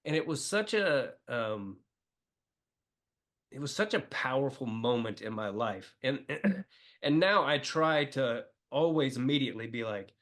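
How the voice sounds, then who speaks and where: A man's voice: medium pitch, expressive, normal speed, a bit bright. A middle-aged man from the Midwest, a comedian talking as a podcast guest, telling emotional stories with many fillers. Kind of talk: casual interview chat.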